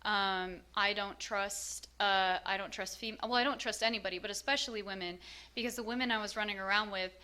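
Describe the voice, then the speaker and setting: A woman's voice: mid-range voice, fairly even intonation, fairly quick, sharp tone, smooth. A woman telling her own story in a frank, self-mocking way, with lots of fillers. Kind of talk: candid personal storytelling.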